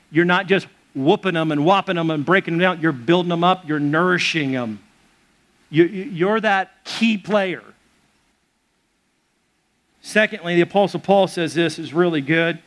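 A man's voice: a little high, a bit bright. A man preaching a sermon as pastor of a church, conversational and joking with the congregation.

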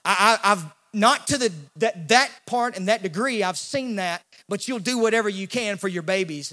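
A male pastor, preaching a sermon in an animated way and acting out the voices in the story. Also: sits high, moderate pace, few pauses. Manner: animated, acts out quoted voices, repeats words when he restarts.

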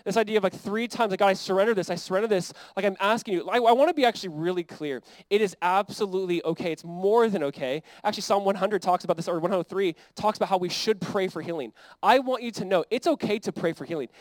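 An American man preaching with a fairly high voice, recorded close and dry with almost no room sound. His delivery is conversational and earnest, and he voices the scripture quotes as if the speakers were talking. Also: fast talker, few pauses, dry recording, poor audio. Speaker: pastor. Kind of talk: sermon.

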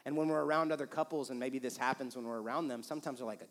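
A man preaching to a congregation, casual and animated, acting out quoted lines as he talks. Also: medium pitch, rapid-fire. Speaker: pastor. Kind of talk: sermon with couple's banter. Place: church auditorium. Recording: long reverb of a church hall.

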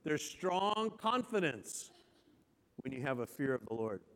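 A man preaching a sermon as pastor. He reads scripture slowly with heavy emphasis, then restates each verse. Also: fairly high pitch, big pitch swings, a bit bright. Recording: long church hall reverb.

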